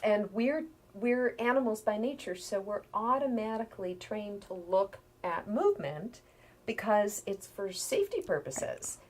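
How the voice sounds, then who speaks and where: A middle-aged woman, a healer, explaining things calmly in a conversational interview, sometimes dropping to a near-whisper. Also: medium pitch, measured pace.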